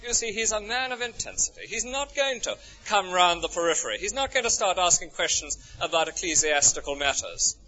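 Bright-voiced English preacher, dull recording. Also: male voice, on the high side. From England. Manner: expressive, rhetorical questions, swings from soaring to hushed. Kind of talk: sermon.

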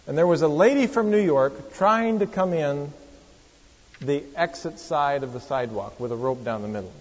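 Husky pastor preaching in a hall. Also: male voice, a little high, moderate pace, darkish tone. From Oregon, USA. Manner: storytelling, conversational, wry asides to the congregation. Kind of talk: sermon with anecdotes. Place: church. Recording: echoey church hall, dull lo-fi sound.

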